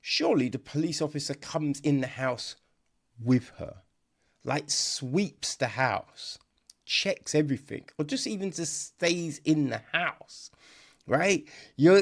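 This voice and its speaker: A podcast host reviewing a film in casual, sarcastic chat, often checking in with "right?" The voice is gravelly, and the pitch swings widely. Speech comes at an unhurried pace. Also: animated. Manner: conversational, keeps asking "right?", restarts often; sarcastic, mocks dialogue in exaggerated voices.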